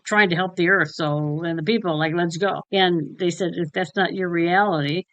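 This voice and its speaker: A woman's voice: lowish voice, moderate pace, fairly bright tone, no echo. A woman co-hosting a casual spiritual chat, frank and blunt, swearing freely and acting out conversations as she retells them. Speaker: co-host.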